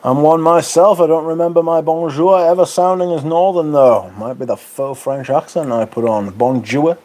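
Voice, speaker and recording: A man's voice: fairly high pitch, normal speed, a little mellow. A man with a Northern English accent hosting a livestream, chatting casually and reading out viewer comments with dry banter. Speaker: livestream host.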